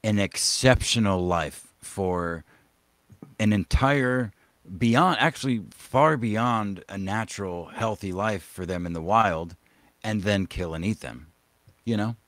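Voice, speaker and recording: A man's voice: on the low side, takes it slowly, fairly bright tone, no room sound. A man chatting in a crude, rambling way on a podcast, often laughing. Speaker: podcast co-host. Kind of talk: casual profane chat.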